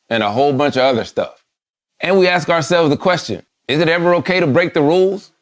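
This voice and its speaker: American guy hosting a podcast promo, jokey and playful, even middle voice. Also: medium pitch. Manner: playful, joking. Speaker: podcast host. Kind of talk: scripted promo address.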